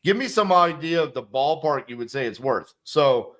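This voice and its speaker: A man with a slightly high voice coaches sales. He is blunt and emphatic and swears freely, and he acts out both sides of a call as he picks a script apart. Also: animated, normal speed, fairly bright tone. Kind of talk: instructional commentary on a sales script.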